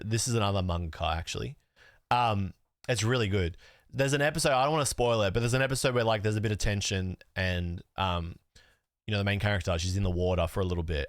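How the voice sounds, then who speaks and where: A man's voice: fairly low pitch, dry recording, studio quality. A young man streaming from home, chatting casually with lots of fillers, swearing and rambling as he sorts his cards. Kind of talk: casual live-stream chat.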